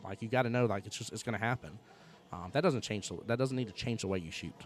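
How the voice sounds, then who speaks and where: Fast-talking male pool commentator. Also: on the low side. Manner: chatty, fills with "right?" and "like". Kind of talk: live sports commentary.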